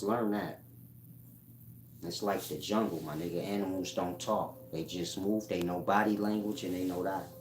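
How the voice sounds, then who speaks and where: A deep-voiced man hosts a self-help channel, delivering a blunt, profane monologue full of street slang as he lectures viewers. He's in an echoey room with music playing behind him and slight background noise.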